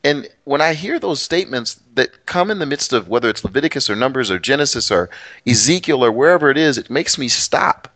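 A man's voice: medium pitch, expressive, fairly quick, fairly bright tone. Middle-aged male co-host, mid-range voice, rambling and emphatic in casual Bible talk. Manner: rambling, restarts often, emphatic. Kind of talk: casual Bible study chat.

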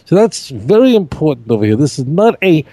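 A middle-aged man, a rabbi, teaching scripture in an emphatic, animated way, repeating key phrases on a podcast. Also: a little high, a little fast, dry recording. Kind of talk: podcast Bible discussion.

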